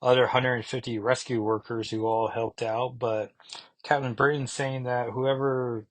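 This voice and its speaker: A man's voice: mid-range voice, level tone, normal speed. A man casually recapping a comic book issue, rambling along with many asides. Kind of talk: casual comic review vlog.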